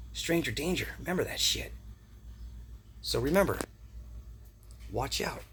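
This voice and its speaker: A man's voice: medium pitch, vocal fry, a bit bright, a little hiss or hum. A man delivering a rambling conspiracy rant, agitated and profane, repeating himself and throwing in rhetorical "right?" questions. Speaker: vlogger.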